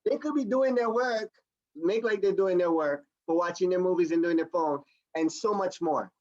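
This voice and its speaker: Energetic salesman on a dull video-call line. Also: high-pitched, normal speed. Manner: energetic, enthusiastic, repetitive salesman patter. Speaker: product demonstrator. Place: home or office on a video call.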